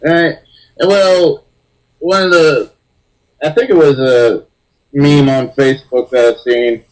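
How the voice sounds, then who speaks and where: A man's voice: medium pitch, fairly even intonation, takes it slowly, rough recording. A young man co-hosting a casual podcast, blunt and profane, reacting to the news with disbelief. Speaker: podcast co-host. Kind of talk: casual chat.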